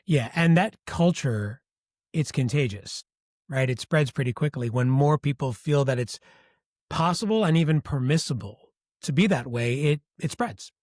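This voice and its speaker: Male podcast host, measured and reflective, affirming tone, dry close-mic sound. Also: mid-range voice, expressive, a little mellow, no room sound. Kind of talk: conversational podcast interview.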